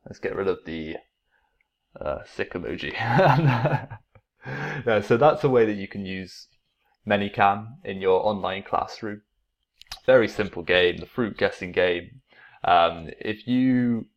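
Man, online English teacher, slow easygoing talk, repeats phrases, slightly muffled recording. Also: fairly low pitch. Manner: relaxed, repeats himself, acts out playful classroom exclamations. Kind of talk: casual teaching tutorial.

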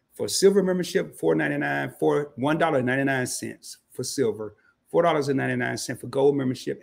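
Male live-stream host with a gravelly, raspy voice, loose and slangy, chatting straight to his viewers. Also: mid-range voice. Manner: loose slangy banter, greets viewers by name; frequent fillers and self-corrections. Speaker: credit card channel host. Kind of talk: casual live stream talk to chat.

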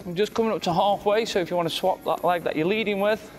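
A man's voice: high-pitched, fast talker. A man leading a cardiac rehab exercise circuit, giving short counted cues while slightly out of breath. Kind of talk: coaching an exercise class. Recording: faint background music.

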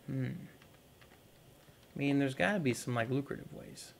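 A man's voice: medium pitch, normal speed, creaky, slight background noise. A young man casually commenting on his gameplay, rambling and talking to viewers as he plays. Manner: rambling, talks to viewers while playing. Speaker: gaming YouTuber. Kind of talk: casual let's-play commentary.

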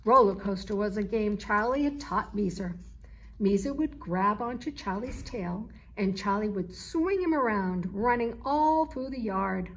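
A woman author reading her children's picture book aloud, in a slow, clear storytelling manner. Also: mid-range voice, lively intonation.

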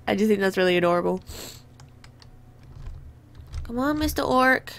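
A woman's voice: mid-range voice, lively intonation, a little slow, long pauses. A young woman giving chatty let's play commentary, bubbly and easily distracted, often apologizing, and a little under the weather. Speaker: gamer.

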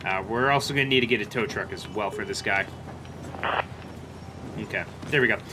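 With a lowish voice and a brisk pace, a young man gives casual commentary on a game where he plays a cop, describing his actions and talking to dispatch in character with police jargon. The game's sound comes through clearly in the background.

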